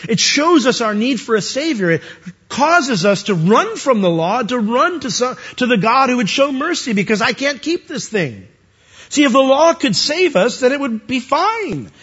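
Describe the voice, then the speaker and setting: A man preaching a sermon, animated and rising to high emphatic peaks as he quotes scripture. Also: normal speed, breathy edge, muffled recording.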